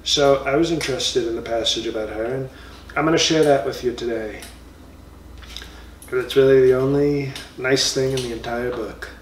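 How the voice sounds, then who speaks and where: A blustering former president rambles and boasts, handing out mocking nicknames, as a man puts him on. The voice sits at a middle pitch and sounds a little distant from the mic, in a roomy space with faint ambience behind. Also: fairly even intonation, normal speed, a little hiss or hum, close to an everyday voice. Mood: boastful. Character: comic impression of a blustering former male president. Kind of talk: comedy impression monologue.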